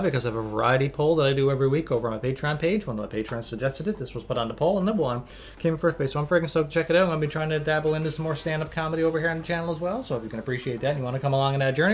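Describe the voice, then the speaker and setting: A man's voice: fairly high pitch, slight background noise. A man with a Newfoundland accent hosting a reaction channel, chatting casually and upbeat and laughing along often. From Newfoundland, Canada.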